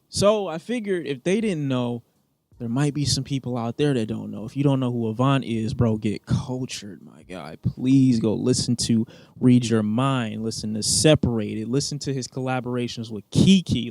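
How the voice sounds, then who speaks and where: A man's voice: mid-range voice, moderate pace, no room sound, clean studio sound. Blunt, joking man reviewing songs. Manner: blunt, joking, swears freely, animated bursts. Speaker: music reviewer. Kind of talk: casual music review vlog.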